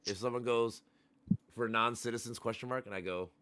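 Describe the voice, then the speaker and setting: A man's voice: medium pitch, steady tone, a little fast, a bit bright, dry recording. A man hosting a livestream, ranting in heated, profane casual chat. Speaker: livestream host.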